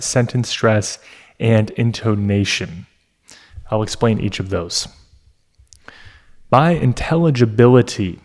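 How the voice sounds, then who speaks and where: A man tutoring for an English exam, talking unhurriedly and leaving pauses between points. His voice sits at an ordinary middle pitch. He explains each term with a steady, teacherly manner. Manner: slow, deliberate, teacherly with pauses. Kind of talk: explanatory lesson.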